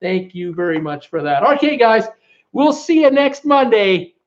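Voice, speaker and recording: A man hosting a live-stream trivia chat who keeps breaking into laughter while reading viewer comments, his voice gone hoarse from laughing. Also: high voice, expressive, measured pace, dull audio. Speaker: host of a live cruise news and trivia stream.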